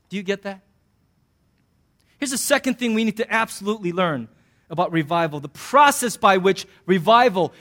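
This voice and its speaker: A middle-aged man, a pastor, preaching a sermon in an animated, joking way and acting out voices. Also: sits high. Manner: animated, jokey, acts out voices.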